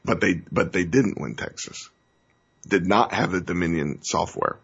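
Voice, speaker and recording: Male talk host, very low and husky, earnest and rambling, lo-fi audio. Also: moderate pace, fairly bright tone. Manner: earnest, rambling, restarts and gets choked up. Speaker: show host. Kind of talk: emotional political talk show monologue.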